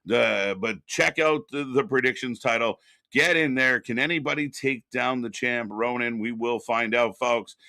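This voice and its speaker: A man's voice: mid-range voice, normal speed, creaky, bright, forceful tone, no room sound, clean studio sound. A man co-hosting a live wrestling reaction stream, chatting casually and greeting viewers in the chat by name.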